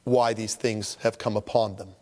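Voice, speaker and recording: His voice on the low side and his speed normal, a pastor preaches in a large hall. He animatedly imitates the voices of people who complain about their troubles.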